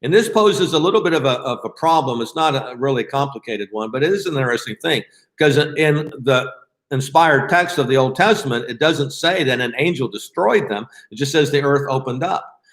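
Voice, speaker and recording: A man leading a Bible study in a casual, conversational way, often pausing with fillers and restarting his sentences. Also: mid-range voice, animated, a bit bright, reverberant.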